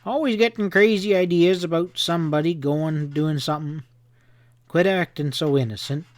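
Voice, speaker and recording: A man voicing a hot-tempered middle-aged hotel owner in a western audiobook, gruff and blustering. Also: a little high, normal speed, no room sound, voice pushed up, close to an everyday voice. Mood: contemptuous.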